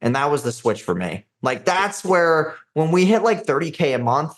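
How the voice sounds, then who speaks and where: A man's voice: on the high side, sing-song, moderate pace. A young man in his twenties, a guest on a podcast, telling stories in a brash, casual way, full of profanity and "dude" and "like". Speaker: podcast guest, agency founder. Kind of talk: casual storytelling interview.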